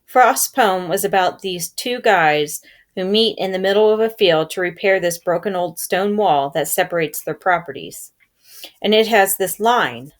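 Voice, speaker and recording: A woman reading a novel aloud, telling it in a calm first-person storytelling manner. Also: medium pitch. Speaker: reader.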